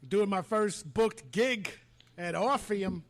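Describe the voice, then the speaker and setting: Gravelly higher-voiced man, short replies. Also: takes it slowly. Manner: short replies, laid-back. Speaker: musician guest on podcast. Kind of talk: casual chat.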